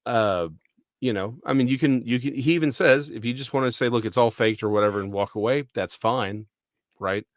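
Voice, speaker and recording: A man's voice: medium pitch, fairly quick, no echo, studio quality. A man from Texas co-hosting a podcast, talking things through in a thoughtful, rambling way. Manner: thoughtful, rambling, full of restarts. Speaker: podcast co-host. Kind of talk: casual discussion.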